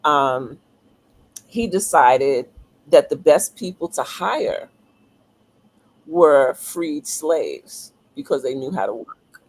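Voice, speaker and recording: Slow, low-voiced woman author. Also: expressive, a little mellow, husky, low-quality recording. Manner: thoughtful, many ums and restarts. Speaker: author guest. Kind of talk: casual interview talk.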